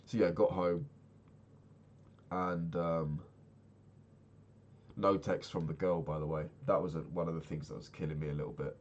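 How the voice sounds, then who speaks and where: A young man chatting casually while playing a game, rambling and swearing, sounding low and sad. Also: fairly even intonation, moderate pace, long pauses, lo-fi sound. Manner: swears often, rambling and candid. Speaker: Minecraft vlogger.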